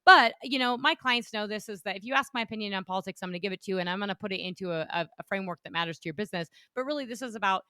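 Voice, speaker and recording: A woman hosting a political podcast, talking fast and full of conviction and stumbling over restarts as she presses her points. Her voice is bright and forceful. The recording is dry and close. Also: mid-range voice, no room sound. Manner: fast, emphatic, opinionated, with many restarts. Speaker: podcast host and energy economist. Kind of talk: casual political podcast chat.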